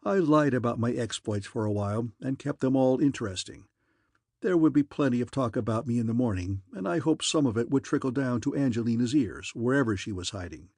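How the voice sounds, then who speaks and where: A man's voice: mid-range voice, a little mellow, slightly rough, dry recording, studio quality. A man reading an audiobook in wry, easygoing first-person narration.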